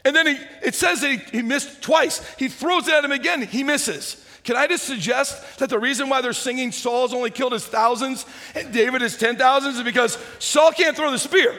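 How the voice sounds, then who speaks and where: A man preaching a sermon, retelling a story with lively humor and acting out its characters. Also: very high voice, normal speed, few pauses. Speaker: pastor. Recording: hall reverb.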